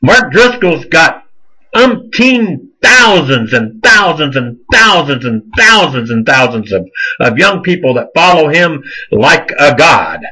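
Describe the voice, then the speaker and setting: A man's voice: on the high side, big pitch swings, slow pace, sharp tone, husky, low-quality recording. A man hosting a show, delivering a heated, scolding, preacher-like rant of religious commentary. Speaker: show host. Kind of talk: fiery religious commentary monologue.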